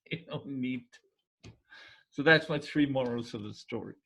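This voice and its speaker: A man's voice: mid-range voice, measured pace, creaky, slight background noise, poor audio. Man telling a folk tale casually. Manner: relaxed, searching for words, drifting into quiet asides. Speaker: storyteller. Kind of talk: casual oral storytelling.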